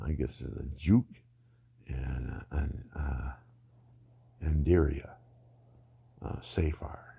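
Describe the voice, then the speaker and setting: Gravelly older man rambling on. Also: extremely low pitch, a little mellow, no room sound. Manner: rambling, digressive, laughs at own stories. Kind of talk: rambling personal monologue.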